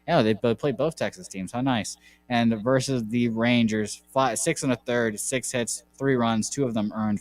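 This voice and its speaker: A man's voice: medium pitch, normal speed, faint music behind. A man hosting a casual sports betting show, rambling and correcting himself as he reels off baseball stats. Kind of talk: casual podcast chat.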